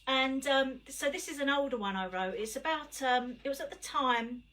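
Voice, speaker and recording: A middle-aged woman performs on a home livestream as a poet, reciting punchy rhyming verse and chatting between poems. She has a high, slightly bright voice and a moderate pace.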